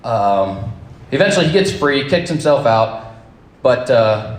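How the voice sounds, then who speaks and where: A man telling a personal story live to an audience, with wry, deadpan humor and casual swearing. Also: medium pitch, measured pace, reverberant. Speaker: storyteller at a campfire event.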